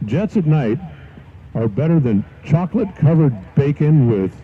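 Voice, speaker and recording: A drag race announcer with a fairly high, husky voice calls the action at an outdoor strip, very animated but at a moderate pace. He mixes folksy jokes into his race calls, heard through dull live-stream audio full of loud track noise.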